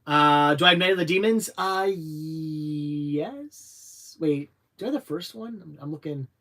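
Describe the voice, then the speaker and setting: This livestream host, a young adult man whose voice sits a little above average in pitch, chats casually as he reads chat questions aloud. His replies wander, full of false starts and hesitant pauses, delivered in a sharp tone.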